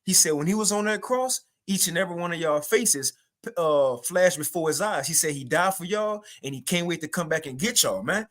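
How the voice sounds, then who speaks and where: A young man giving a livestreamed spiritual testimony, telling the story in an animated, repetitive way with casual slang. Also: a little high, fairly quick. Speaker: spiritual teacher sharing a testimony.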